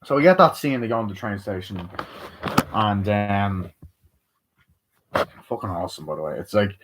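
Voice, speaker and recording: A man's voice: lowish voice, animated, moderate pace, background noise. A man giving a casual spoken film review, rambling with lots of fillers and casual swearing. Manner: rambling, swears freely, retells scenes with heavy fillers. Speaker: movie reviewer.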